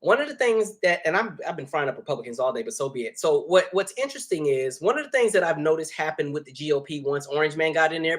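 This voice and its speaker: Man, livestream host, casual commentary, animated, fairly high voice. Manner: animated, laughing, reads viewer chat aloud.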